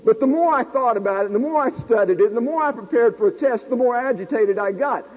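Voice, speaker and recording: Husky high-voiced preacher in echoing hall. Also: male voice, fast talker. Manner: animated, self-deprecating storyteller talking to a live audience. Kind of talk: sermon with personal storytelling. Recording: tinny lo-fi recording in a reverberant hall.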